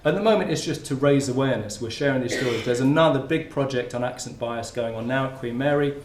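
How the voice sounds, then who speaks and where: A fast-talking academic with a medium-pitched voice gives an informal conference talk in a lecture room. The space sounds roomy with faint ambience, and slight background noise is present.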